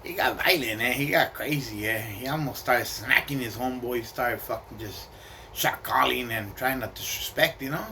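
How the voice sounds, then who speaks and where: Man, casual streetwise storyteller, profane, sharp bright tone. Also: mid-range voice, moderate pace, slight background noise. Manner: streetwise, profane, slang-heavy, mixes in Spanish.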